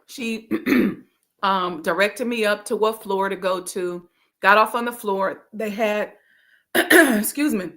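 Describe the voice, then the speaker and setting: A middle-aged woman hosting her own channel, telling a personal story in a casual, animated way and acting out her own inner voice. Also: medium pitch. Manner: casual, conversational with frequent fillers. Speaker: host, life coach. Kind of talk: storytelling monologue.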